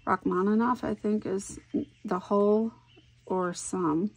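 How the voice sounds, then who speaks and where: A woman's voice: mid-range voice, fairly even intonation, takes it slowly, slightly rough. A middle-aged woman, chatting casually and thinking aloud as she works on a scrapbook layout. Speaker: scrapbooking crafter. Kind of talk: casual crafting vlog talk.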